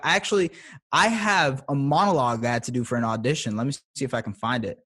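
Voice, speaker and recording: A man's voice: mid-range voice, quick pace, a bit bright. A playful Canadian man in his thirties rambles through a casual podcast chat. He restarts phrases over and over and leans on little catchphrases as he talks. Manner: playful, repetitive, restarts a lot. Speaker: podcast guest.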